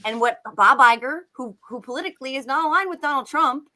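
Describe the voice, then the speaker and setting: A woman's voice: high voice, brisk, sharp tone. A woman co-hosting casual political chat, emphatic and indignant. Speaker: podcast co-host.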